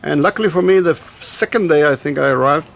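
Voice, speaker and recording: A South African vlogger with a fairly high voice and vocal fry talks fast as he casually tells personal stories. He swears freely, drifts off on tangents and retells dialogue along the way.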